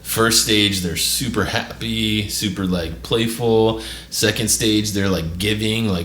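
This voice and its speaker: A man's voice: on the low side, fairly even intonation, measured pace, a bit bright. A man hosting a podcast, telling a long story casually, swearing a lot and checking in with "right?" after nearly every beat. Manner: profane, rambling, says "right?" often. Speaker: podcast host. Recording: echoey room with faint noise.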